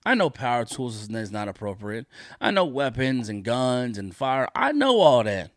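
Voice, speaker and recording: A man's voice: medium pitch, sing-song, normal speed, dry recording, clean studio sound. A man hosting a solo podcast, ranting in a profane, indignant way and repeating his points for emphasis. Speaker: podcast host.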